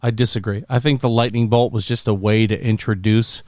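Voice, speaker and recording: A man hosting a casual podcast chat, animated and telling scenes through acted-out voices. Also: lowish voice, fairly quick, dry recording, studio quality.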